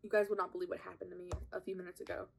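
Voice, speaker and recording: A young woman talks at a racing pace in a lowish, creaky voice with little pitch movement, and slight background noise is audible. She hosts a podcast and, doing her makeup at home in front of a propped phone camera, chats and giggles through self-mocking stories.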